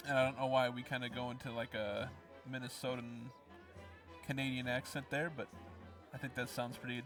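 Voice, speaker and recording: A man's voice: medium pitch, little pitch movement, moderate pace, fairly bright tone, far from the mic, faint music behind. A young man from the US Midwest giving casual let's play commentary, explaining as he goes with plenty of ums. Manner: rambling, explanatory, lots of ums.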